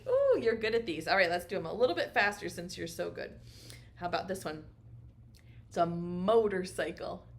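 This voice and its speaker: A woman teaching a virtual preschool circle time, speaking slowly and encouragingly in an exaggerated sing-song manner. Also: mid-range voice. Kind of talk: virtual circle-time lesson for young children.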